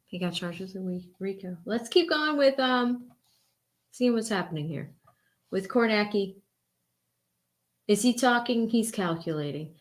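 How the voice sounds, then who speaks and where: A woman from Boston with a Boston accent, hosting a live election-night stream and chatting casually with her viewers. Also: a little high. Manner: animated, chatty, addresses chat directly. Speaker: livestream host.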